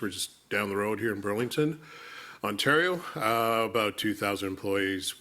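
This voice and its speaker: A man presenting at an industry meeting, explaining briskly and posing questions to himself. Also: lowish voice, bright, forceful tone. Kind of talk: conference presentation.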